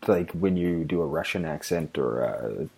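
A man chatting casually on a podcast, giving thoughtful, measured replies. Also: very deep voice, expressive, gravelly, darkish tone, slightly rough. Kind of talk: casual chat.

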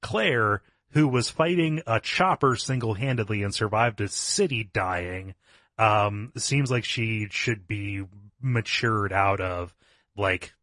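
A man's voice: fairly low pitch, slow, fairly bright tone, no room sound, clean studio sound. A man co-hosting a podcast, analysing a video game's story in casual talk, often repeating words as he thinks. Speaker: podcast co-host. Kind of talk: casual video game discussion.

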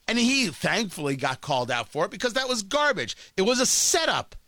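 A man's voice: high voice, sing-song, brisk, bright, forceful tone, no echo. A man delivering an emphatic opinion monologue as a talk host, often repeating words as he builds a point.

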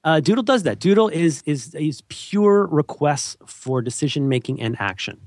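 A man's voice: a little high, very animated, normal speed, darkish tone, no room sound. Dry-voiced man joking on a podcast. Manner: rambling, joking, with mock voices and restarts. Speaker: podcast co-host. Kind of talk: casual chat.

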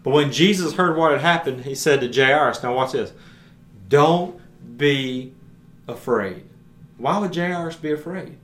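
A man's voice: a little high, brisk, few pauses, a bit bright. A man teaching a Bible passage on his podcast. He retells scripture earnestly in plain everyday words. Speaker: podcast preacher. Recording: roomy echo.

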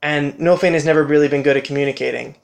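A man who co-hosts a podcast, casually retelling a game playthrough in an animated, conversational way. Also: a little high, quick pace, creaky. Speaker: podcast co-host.

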